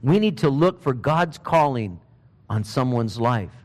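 A man preaching a sermon, telling Bible stories in a lively, conversational way and briefly voicing the people in them. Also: mid-range voice, unhurried, big-room sound. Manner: animated storytelling, acting out Bible figures in casual speech.

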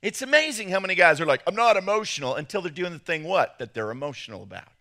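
A middle-aged male pastor delivers a joking sermon, acting out the voices of the people he quotes. His voice sits fairly high and bright, and it rises and falls widely. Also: wildly swooping pitch, fast talker.

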